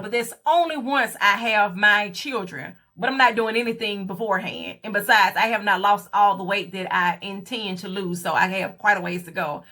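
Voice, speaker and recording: A young adult woman vlogs a frank, forceful pep talk about confidence, acting out the things other people said to her. Her voice is fairly high, bright, and pushed.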